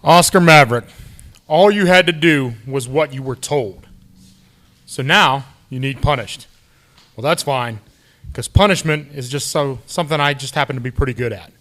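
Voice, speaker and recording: A man cutting a wrestling promo with cold, measured threats to his opponents. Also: medium pitch, fairly bright tone.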